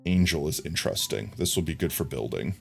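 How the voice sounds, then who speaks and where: A man streaming a game live, chatting in a relaxed, rambling way and thinking aloud to his viewers. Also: very deep voice, fairly quick, creaky, slightly rough, soft background music. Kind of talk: casual gameplay chat.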